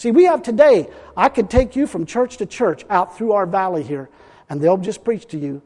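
A high-pitched male pastor delivers a folksy, emphatic sermon, breaking into chuckles between points. His voice rings out with a long reverb, as if the mic picks him up in a church hall. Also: expressive, normal speed, dark tone.

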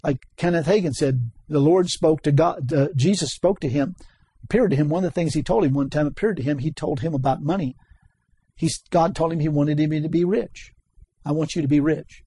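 Man, preacher, sermon, high voice, husky, animated, repeats key words. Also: a little fast.

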